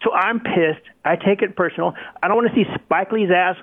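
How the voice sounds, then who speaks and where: Bitter trash-talking caller on a phone line. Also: male voice, high voice, brisk, husky. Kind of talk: sports radio call-in.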